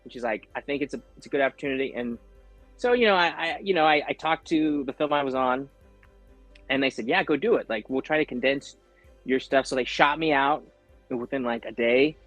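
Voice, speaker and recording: Male actor guest, animated storyteller, dry close mic, faint music bed. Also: mid-range voice, a little fast, dry recording. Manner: animated, acts out quoted voices, frequent fillers. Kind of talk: casual interview storytelling.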